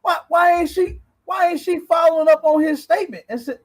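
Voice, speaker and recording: A man's voice: very high-pitched, fairly quick, few pauses, poor audio. A man hosting a livestream, commenting bluntly on video clips in a preachy, cursing manner, often asking if you understand. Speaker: host reacting to clips.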